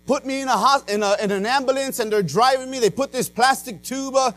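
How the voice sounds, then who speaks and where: High-voiced male pastor preaching, lots of uh and amen, faint hum in the background. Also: a little fast. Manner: dramatic testimony with swings from loud to hushed; frequent "uh" and "amen" fillers. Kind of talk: sermon.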